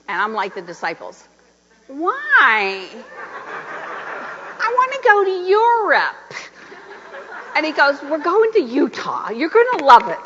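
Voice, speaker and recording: A middle-aged woman minister preaches through a story, acting out the people in it with a swooping, animated delivery. Her voice is high and bright. The recording is dull and carries the long reverb of a large church. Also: slight background noise. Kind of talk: sermon with storytelling. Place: church sanctuary.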